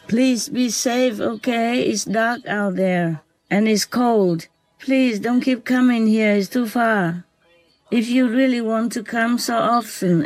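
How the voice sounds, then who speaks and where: A spiritual vlogger speaking gently at night to an unseen animal, softly giving blessings and often asking "okay?", then calmly recounting their day. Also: medium pitch, poor audio. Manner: soft, slow, affectionate blessings with repeated "okay?".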